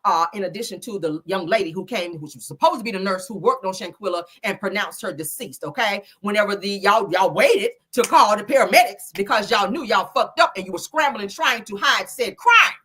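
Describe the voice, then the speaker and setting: A woman's voice: medium pitch, animated, brisk, hardly any pauses, a bit bright, breathy edge. A woman hosting her own commentary show, talking casually and heatedly, with lots of profanity and emphatic outbursts.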